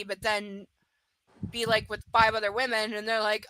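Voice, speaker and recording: A woman's voice: a little high, steady tone, normal speed, pushed and bright, no echo, low-quality recording. A woman reading a romance novel aloud to a live audience, breaking off for frank, profane asides. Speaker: live book reader. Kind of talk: live reading with blunt commentary.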